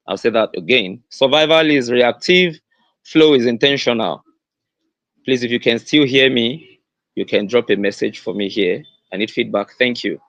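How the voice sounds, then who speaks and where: A man with a Nigerian accent hosting a motivational livestream talk, earnest, repeating key phrases slowly for stress and restarting his sentences often. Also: medium pitch, fairly bright tone, dry recording. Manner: earnest, with many fillers and restarts. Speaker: host.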